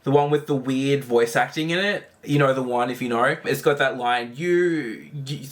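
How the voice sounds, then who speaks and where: A man giving casual commentary while ranking animated shorts, rambling with lots of fillers and casual swearing. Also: medium pitch, normal speed. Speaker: video creator ranking animations.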